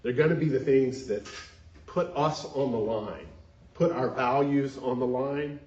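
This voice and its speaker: In a dull, echoey sanctuary recording with slight background noise, a male minister delivers an earnest sermon and leads call-and-response. His mid-range voice is darkish in tone and measured in pace.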